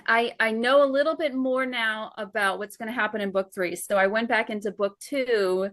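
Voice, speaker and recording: A woman guest author telling stories in a lively, chatty way during a casual interview. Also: fairly high pitch, moderate pace.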